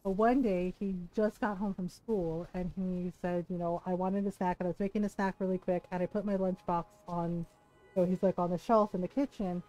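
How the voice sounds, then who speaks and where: A woman's voice: fairly low pitch, fairly even intonation, normal speed, dark tone, soft background music, low-quality recording. A woman game streamer chatting casually, animatedly telling a personal story, quoting people and laughing often. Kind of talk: casual storytelling chat while gaming.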